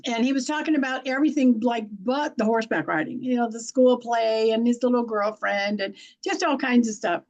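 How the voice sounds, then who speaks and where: A middle-aged woman with a high voice tells stories in a blunt, folksy manner. She laughs easily and speaks in an unpolished, chatty way. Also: a little fast, hardly any pauses, a little mellow, dull audio. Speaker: guest, intuitive and animal communicator. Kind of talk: conversational storytelling.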